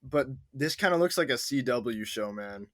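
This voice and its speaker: A man's voice: mid-range voice, expressive, normal speed, a bit bright, no echo, studio quality. A young man co-hosting a casual movie podcast, playfully negative and grumpy in tone. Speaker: podcast co-host.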